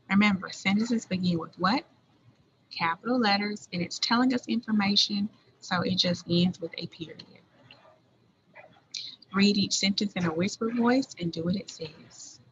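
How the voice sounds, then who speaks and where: A woman teaching a recorded early-grade lesson, speaking deliberately and spelling words out letter by letter, on a dull lo-fi recording. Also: medium pitch, slight background noise.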